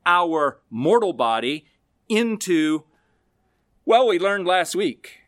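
A male pastor preaching a sermon, expressive, with slow, emphatic stresses on key words. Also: fairly high pitch, no echo, studio quality.

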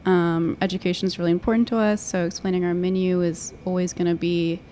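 A woman who works at the cafe, describing her workday in a friendly, measured way with many fillers. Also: on the low side, little pitch movement, mellow, slight background noise. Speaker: cafe worker. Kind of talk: casual chat.

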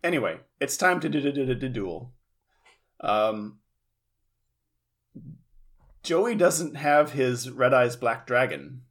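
A man co-hosting a casual podcast, explaining the plot of an anime episode in a relaxed, steady way. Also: medium pitch, slow pace, pauses often. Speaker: podcast co-host.

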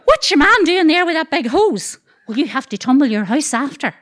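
A woman's voice: high-pitched, moderate pace, a faint crowd, pitched above the performer's own voice. A woman doing cheeky wee boys. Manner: teasing, excited questions. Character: cheeky young neighbourhood boys, nosy and gleeful.

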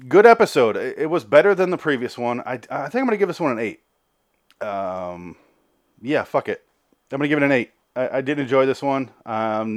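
A man's voice: mid-range voice, dry recording, clean studio sound. A man hosting a podcast, casually recapping and reviewing a TV episode, out of breath, profane and rambling. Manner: profane, rambling, repeats words when restarting. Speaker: podcast host.

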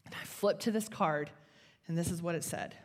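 A woman's voice: lowish voice, normal speed. A middle-aged woman gives an earnest, confessional faith talk to an audience. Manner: earnest, confessional, builds to fervent. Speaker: speaker. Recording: long hall reverb.

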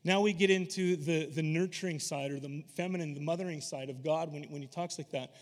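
A man preaching a sermon, animated and emphatic, slipping into voices when he retells scripture. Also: fairly high pitch, brisk. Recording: long hall reverb.

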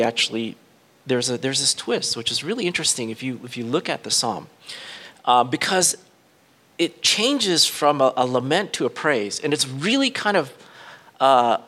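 A male pastor giving an informal, conversational sermon, thinking aloud and correcting himself as he goes. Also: pushed and bright. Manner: rises in pitch and volume when retelling dramatic scenes.

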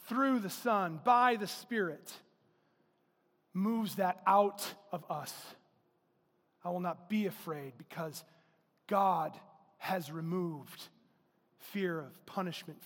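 A male pastor preaching a sermon, emphatic, rising to loud exclamations. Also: sits high, big-room sound. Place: church.

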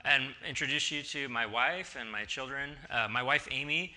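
A man in his forties, a pastor, giving a relaxed, conversational sermon in a church and acting out bits of dialogue as he tells stories. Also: mid-range voice, moderate pace. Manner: chatty storytelling, acting out dialogue. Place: church sanctuary.

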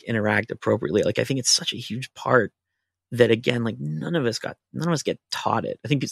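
A man's voice: on the low side, creaky, dry recording, clean studio sound. A man, a writer, telling a long casual anecdote on a podcast, full of fillers and restarts. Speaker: writer guest.

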